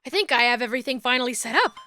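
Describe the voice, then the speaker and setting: High, bright woman reading a story game. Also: expressive, racing, faint music behind. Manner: laughs a lot, swears, reads dialogue aloud. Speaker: streamer.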